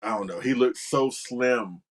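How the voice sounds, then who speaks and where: A man's voice: mid-range voice, a little slow. A man co-hosting a casual podcast, talking enthusiastically with lots of "you know" and "like". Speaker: podcast co-host. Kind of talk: casual chat.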